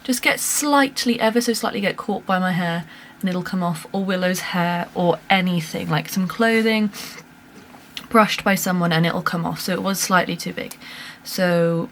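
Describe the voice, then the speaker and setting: A woman's voice: fairly low pitch, normal speed, slight background noise. Chatty young woman telling a story. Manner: chatty, animated storytelling with laughs and fillers. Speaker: vlogger. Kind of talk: casual chat to camera. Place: home room with a lamp.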